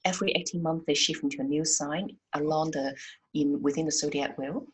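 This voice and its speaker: Soft-spoken woman podcast guest, low and husky, hesitant delivery. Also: fairly even intonation, brisk, poor audio. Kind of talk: casual conversation.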